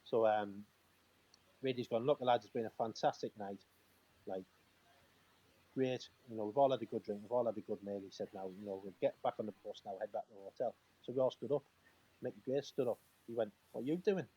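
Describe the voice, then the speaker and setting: A former footballer, a man, telling lively dressing-room anecdotes on a video call, acting out other people's lines and laughing often. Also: on the low side, fairly quick, slightly rough, muffled recording. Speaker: former professional footballer, guest. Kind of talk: casual storytelling.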